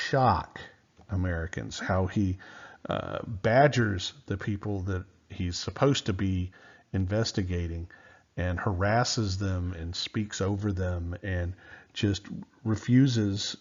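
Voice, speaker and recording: A man's voice: low-pitched, a little mellow, highs cut off. A man giving a casual history lecture in a loose, conversational way, with many fillers and restarts. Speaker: history teacher.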